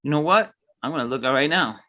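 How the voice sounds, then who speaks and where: A man's voice: on the high side, animated, fast talker, bright, forceful tone. A man, co-hosting a casual show, ranting heatedly and mimicking other people. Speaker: podcast co-host. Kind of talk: casual chat.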